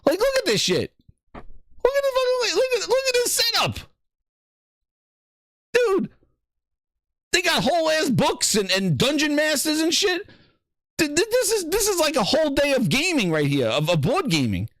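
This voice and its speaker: A man's voice: very high voice, wildly swooping pitch, moderate pace, long pauses, a bit bright, dry recording, studio quality. A man hosting a gaming show, riffing in a profane, mocking, rambling way as casual reaction commentary.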